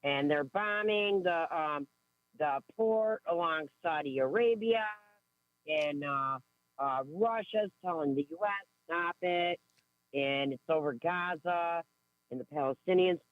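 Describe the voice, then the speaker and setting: A woman calling into a radio show, talking in an excitable, giggly way with bursts of exclamations. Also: low-pitched, unhurried, dry recording. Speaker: caller. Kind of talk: call-in radio chat. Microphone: telephone. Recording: tinny phone line.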